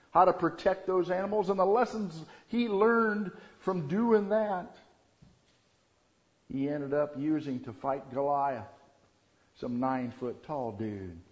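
A man's voice: sits high, a little slow. Man preaching with big dynamic swings. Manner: lively, swings from quiet reverence to loud animated storytelling. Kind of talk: Christmas sermon. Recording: dull lo-fi sound.

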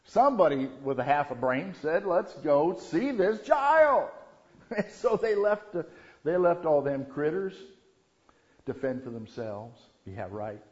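A man preaching a Christmas sermon, shifting from quiet reverence to loud, animated storytelling. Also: a little high, measured pace. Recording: dull lo-fi sound.

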